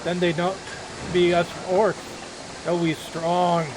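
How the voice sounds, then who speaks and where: A gruff male orc factory laborer, worn down and blunt, speaks in loud, broken snippets of speech, as a man puts him on while playing a computer role-playing game. The voice sits fairly high and is pushed louder than ordinary talk. A noisy hiss runs behind it. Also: level tone, takes it slowly. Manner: broken clipped grammar, blunt short phrases.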